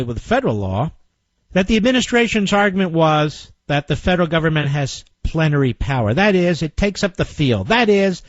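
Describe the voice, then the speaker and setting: Animated, indignant male radio host. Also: a little high, no echo. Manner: sarcastic, indignant, mocking. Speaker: radio talk show host. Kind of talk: combative political radio commentary. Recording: muffled lo-fi broadcast audio.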